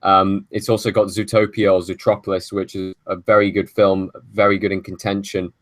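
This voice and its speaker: A man's voice: sits low, level tone, normal speed, a bit bright, no echo. A man hosting a film podcast, making long opinionated arguments in casual chat. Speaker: podcast host.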